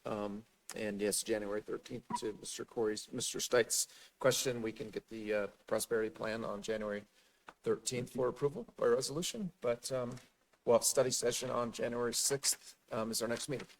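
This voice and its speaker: A man's voice: medium pitch, fairly even intonation, normal speed, a little hiss or hum, rough recording. A man giving a short staff report at a council meeting in a brief, matter-of-fact way. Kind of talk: formal meeting talk. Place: council chamber.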